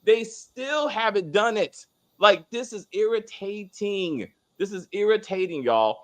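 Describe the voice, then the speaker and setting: A man's voice: high-pitched, animated, unhurried, fairly bright tone. A man co-hosting a casual TV review, ranting heatedly with lots of swearing and restarts. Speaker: co-host of a TV review show. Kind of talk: casual spoiler review chat.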